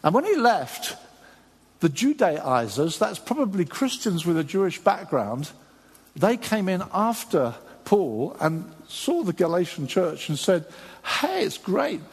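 A man preaching a sermon, lively and animated, acting out the voices of the people he quotes. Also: high voice, measured pace, husky, big-room sound.

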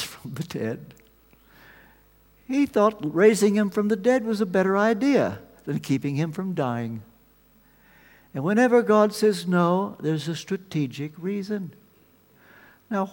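High-voiced preacher in a reverberant hall. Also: male voice. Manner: animated storytelling, swings between loud emphasis and quiet asides. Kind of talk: sermon. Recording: long reverb of a large hall.

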